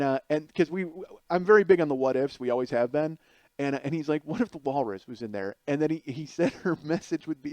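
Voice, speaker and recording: A man's voice: high-pitched, darkish tone, no room sound. A man in his forties from the Chicago area, a stand-up comedian telling rambling, crude stories in a podcast monologue. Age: 40s. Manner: rambling, crude, fond of asides like "you know what I mean". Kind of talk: profane comic storytelling monologue.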